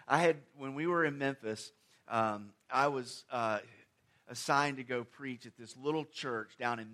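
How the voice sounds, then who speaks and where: A male preacher with a voice sitting a bit high for a man, delivering a sermon. He talks conversationally, leaning hard on key phrases and dropping to quieter asides, with plenty of rhetorical questions. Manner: swings between loud stressed phrases and quiet asides.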